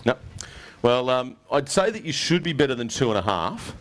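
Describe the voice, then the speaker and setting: A man's voice: medium pitch, big pitch swings, normal speed, fairly bright tone. An Australian man emceeing an outdoor fishing weigh-in, chatty and joking with each angler. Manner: chatty, jokey, mate-heavy banter. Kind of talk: casual event commentary.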